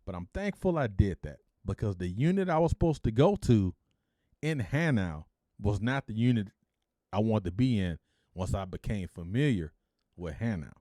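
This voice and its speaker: A middle-aged man from Detroit, hosting a podcast and telling his own life story in a casual, animated way, acting out the dialogue and peppering his speech with "freaking". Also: lowish voice, normal speed, dry recording, clean studio sound. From Detroit, United States.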